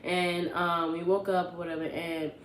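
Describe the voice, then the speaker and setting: A young woman vlogger, telling a story in a casual, animated, rambling way and often correcting herself. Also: on the low side, a little slow, slight background noise. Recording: echoey room with faint ambience.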